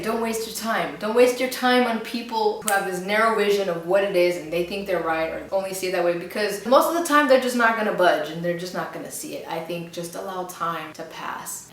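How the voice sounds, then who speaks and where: A woman's voice: medium pitch, a bit bright, heavy reverb, recorded from a distance, slight background noise, low-quality recording. A woman talking straight to her viewers with earnest, encouraging advice, repeating phrases for emphasis. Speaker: advice vlogger. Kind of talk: heartfelt advice monologue to camera.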